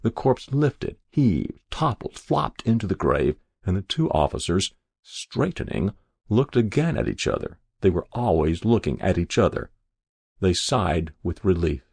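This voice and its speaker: A man narrating an audiobook in a measured, even storytelling way. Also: deep voice, gravelly, slightly rough, no echo.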